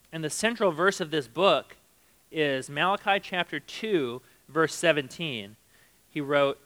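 A man's voice: fairly high pitch, normal speed, bright, forceful tone, smooth, low-quality recording. A man preaching a sermon in a conversational way, reading scripture aloud and acting out the quotes. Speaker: pastor.

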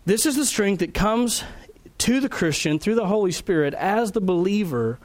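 A man's voice: sits high, expressive. Man preaching an earnest sermon. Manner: earnest teaching, slows down to stress key phrases; restarts and repeats words. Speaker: pastor.

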